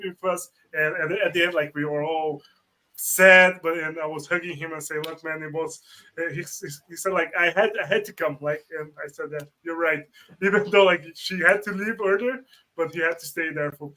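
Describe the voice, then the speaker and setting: Guest fan guy, bright higher voice, stumbly story w laughs. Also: rough recording. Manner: halting, repeats words, laughs. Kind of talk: casual storytelling.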